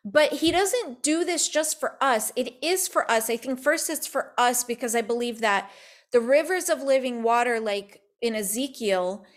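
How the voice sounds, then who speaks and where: A woman telling a personal faith story in casual talk, acting out the quotes in quick, animated bursts. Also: on the high side.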